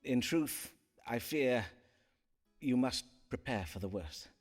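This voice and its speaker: A tactful Elizabethan astrologer. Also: male voice, mid-range voice, animated, slow pace, soft background music. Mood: grave. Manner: polite, archaic phrasing. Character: courteous male Elizabethan astrologer-physician, smooth and tactful. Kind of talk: game voice acting.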